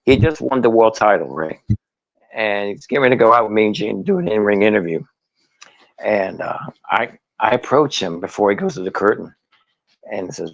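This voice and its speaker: A man tells stories in an interview, his pitch swinging widely and his tone gravelly with creak. He is animated and laughs often, and he sounds close and dry. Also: moderate pace, long pauses, no room sound, lo-fi sound. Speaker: guest, former wrestler. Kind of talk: storytelling interview.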